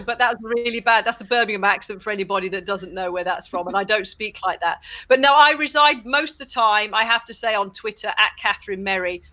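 Bright-voiced, enthusiastic woman. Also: medium pitch. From England. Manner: enthusiastic, laughs easily, talks in quick bursts. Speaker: interview guest, former athlete and broadcaster. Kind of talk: casual interview chat.

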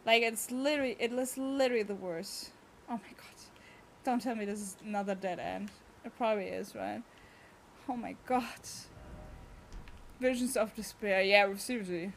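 A woman's voice: mid-range voice, fairly even intonation, normal speed, vocal fry, slight background noise. A young woman, chatting and exclaiming as she streams a game. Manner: chatty, exclaiming, talks to chat. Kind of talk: casual gameplay commentary.

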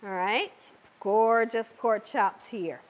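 On the high side and steady in tone, her voice moves at a slow pace as she hosts a live cooking stream. Wearing a microphone, the slightly worn-sounding host chats, laughs often, and reads aloud what viewers comment.

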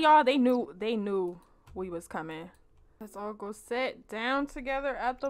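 A young woman casually commenting on her life-sim game for viewers, animated, laughing and slangy. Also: high voice, unhurried. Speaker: let's play host.

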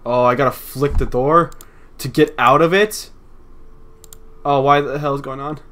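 Young man, let's play host, nervous, talks to the game, bright tone. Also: mid-range voice, steady tone, unhurried. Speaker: gaming channel host.

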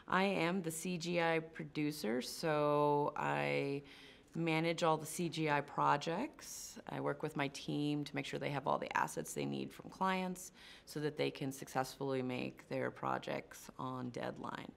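Low-pitched gravelly woman, chatty. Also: lively intonation, measured pace. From North Shore of Massachusetts. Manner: chatty and self-deprecating, laughing often. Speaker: CGI producer. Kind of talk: casual on-camera Q&A.

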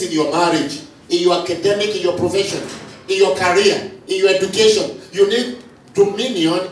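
High-voiced preacher in an echoey hall. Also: male voice. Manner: call-and-response preaching, repeats lines for the congregation. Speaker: pastor. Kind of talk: sermon. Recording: echoey hall from far off, faint noise.

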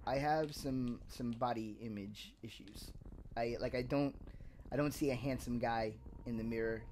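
A man's voice: medium pitch, steady tone, normal speed, darkish tone, a little hiss or hum. A man co-hosting a gaming stream, talking candidly and rambling with plenty of swearing and restarts. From Puerto Rican family. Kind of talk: casual chat.

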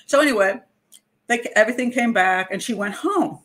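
A woman's voice: on the high side, expressive, fairly quick, fairly bright tone. A woman who profiles criminals and hosts a show, telling a story in a casual, chatty way with frequent laughter. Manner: chatty, laughs often, acts out quotes.

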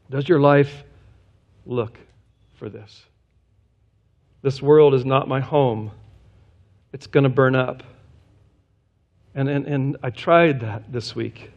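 A male pastor preaching a sermon in an earnest way, often sinking low and quiet for emphasis. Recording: slightly dull, lo-fi church recording.

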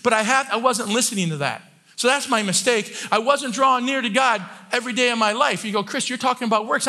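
Bright high-voiced man preaching with fervor. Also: fast talker. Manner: passionate, swings from quiet talk to shouting; many restarts and repeated words. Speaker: church elder and preacher. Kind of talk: sermon.

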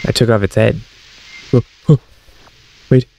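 Gaming commentator, young man, low gravelly voice, nervous self-mocking banter, game music underneath. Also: fairly even intonation, unhurried, darkish tone. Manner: jumpy, self-mocking reactions. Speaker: gaming streamer. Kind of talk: let's-play commentary.

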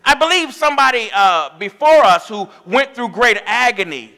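In a church sanctuary, a man with a very high, pushed and bright voice preaches as the church's pastor at a moderate pace. He's expressive and impassioned, throwing call-and-response asides to the congregation.

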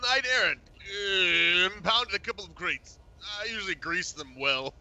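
A man's voice: high-pitched, normal speed, pushed and bright, pitched above the performer's own voice, full character voice. A man voicing a whiny, queasy male smuggler contact who hems and haws between his words. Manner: whining, hesitant, full of uhs. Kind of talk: voicing a game character in a playthrough.

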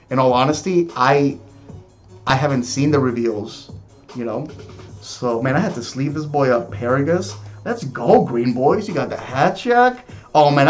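Excitable man opening a card box. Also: a little high. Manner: excitable, gushing, repeats himself. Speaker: card game YouTuber. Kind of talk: excited unboxing vlog.

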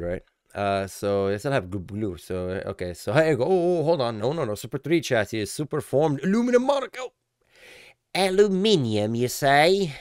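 A man reacting and ranting excitedly in a casual car vlog. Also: mid-range voice, clean tone, dry recording, clean studio sound. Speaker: car vlogger.

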